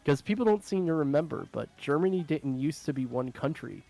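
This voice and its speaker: A man's voice: fairly high pitch, lively intonation, brisk, creaky, mellow, soft background music. A young adult man hosting a stream, talking in a loose, rambling way with lots of filler and frequent laughs. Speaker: streamer host. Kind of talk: casual chat.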